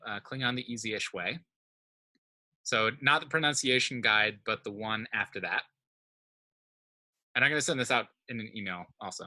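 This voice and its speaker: A man's voice: on the low side, pushed and bright. A man teaching a language class, explaining step by step and often checking in with his students. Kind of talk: informal online class lesson.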